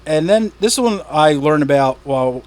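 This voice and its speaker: A man's voice: a little high, animated, normal speed. A man hosting a casual podcast, telling stories with lots of swearing and laughter. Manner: profane, laughing storyteller. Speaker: podcast host.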